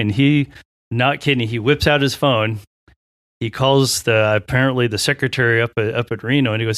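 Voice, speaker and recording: A man, a pilot and podcast guest, telling a long story in a casual, animated way, acting out the voices of others and often restarting his sentences. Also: medium pitch, fairly quick, no echo, clean studio sound. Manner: animated, acts out quoted voices, frequent restarts.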